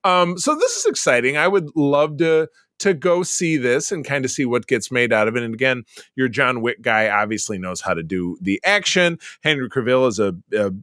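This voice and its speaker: Male podcast co-host, gravelly, lively swinging delivery, bright tone. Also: medium pitch, moderate pace, no echo, clean studio sound. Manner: animated, laughs often, trails off mid-sentence. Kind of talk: casual chat.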